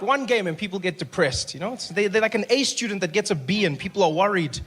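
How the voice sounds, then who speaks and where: A man doing a stand-up set, animated and slipping into put-on voices for the people in his stories. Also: high voice, quick pace, few pauses, slightly rough. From South Africa. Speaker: stand-up comedian.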